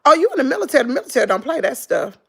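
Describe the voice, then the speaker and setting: A middle-aged Southern woman with a fairly high, gravelly voice chats on her stream. She tells stories animatedly and addresses viewers as "girl" and "y'all". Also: very animated, very fast. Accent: Southern American English. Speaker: vlogger. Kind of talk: casual livestream chat.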